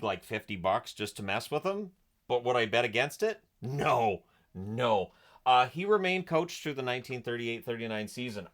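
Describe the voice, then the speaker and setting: A man talks through old sports-league history for his own channel, casual and chatty. His tone is sarcastic and amused, full of "uh" and "um" as he goes. His voice sits in an ordinary middle pitch. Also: a bit bright. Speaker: hockey history channel host. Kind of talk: casual history storytelling vlog.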